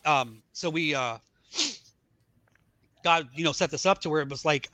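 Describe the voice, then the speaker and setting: A middle-aged man telling his life story in a casual podcast chat, acting out the dialogue of the people in it with animated voices. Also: on the high side, unhurried. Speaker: podcast guest.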